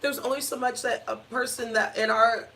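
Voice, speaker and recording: A woman's voice: on the high side, fairly even intonation, normal speed, creaky, pushed and bright. A woman co-hosting a casual talk show, blunt and profane, often laughing as she talks. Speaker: co-host. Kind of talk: casual conversational rant.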